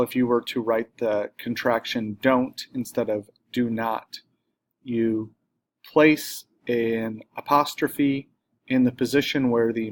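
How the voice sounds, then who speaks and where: A man's voice: medium pitch, a little hiss or hum. A man teaching a recorded grammar lesson, explaining plainly step by step, with an occasional filler or self-correction.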